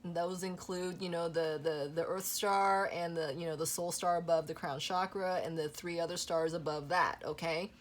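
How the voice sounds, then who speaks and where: A woman's voice: low-pitched, slight background noise. A young adult woman giving a spiritual tarot reading to camera, gushing over the cards and checking in with "okay?" and "you know" as she goes. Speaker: tarot reader.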